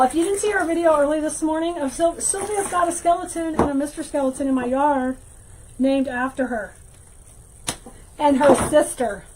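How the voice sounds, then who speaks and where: A woman hosting a casual livestream craft tutorial, chatting with viewers and thinking out loud as she works. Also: high-pitched, normal speed, background noise. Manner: chatty, reads viewer comments aloud, thinks out loud while working. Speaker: wreath-making teacher and livestream host.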